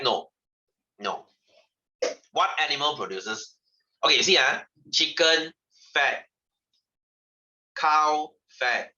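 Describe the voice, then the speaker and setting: A man's voice: mid-range voice, bright, forceful tone, muffled recording. A man giving a chatty science lesson to his class, asking questions and repeating himself. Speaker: science teacher. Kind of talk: classroom lecture.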